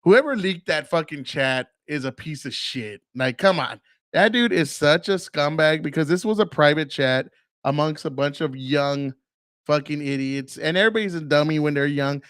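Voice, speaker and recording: A man in his forties rambles through his casual solo podcast, swearing freely amid plenty of fillers and fighting a lingering cough. His voice is on the high side and fairly bright, at a moderate pace, in clean, echo-free studio sound.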